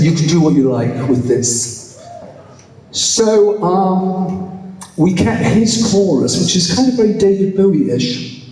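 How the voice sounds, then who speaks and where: A man on stage in a large concert hall, telling a rambling anecdote between songs with many ums and dry asides, taken from the crowd. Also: a little high. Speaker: singer on stage. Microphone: stage mic, recorded from the crowd. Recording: distant echoey concert hall audience recording. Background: loud live music.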